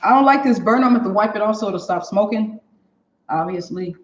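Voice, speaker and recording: Talking fast in a mid-range voice, a woman hosts a live cooking demonstration in her home kitchen, addressing viewers directly and laughing a lot. The sound is dull and lo-fi, echoing off the kitchen walls.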